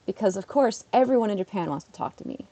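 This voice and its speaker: Chatty woman with gravelly fry. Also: medium pitch, animated, fast talker, warm tone. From Canada. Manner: chatty, laughs often, talks back to chat. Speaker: streamer and schoolteacher. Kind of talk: casual live-stream chat while playing.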